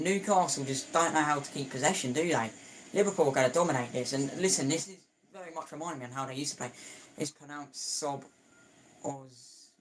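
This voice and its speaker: A young man talks casually over a live football match, opinionated and quick to correct himself, with plenty of restarts. His voice sits at a middling pitch. A faint hiss of background noise runs under him. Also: a bit bright. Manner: chatty and opinionated, with frequent restarts and stumbles. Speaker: football watchalong streamer.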